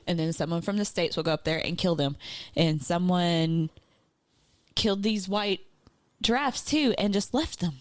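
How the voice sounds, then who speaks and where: Female podcast co-host, low-ish voice, rambling filler-heavy chat, dry. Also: moderate pace, no echo.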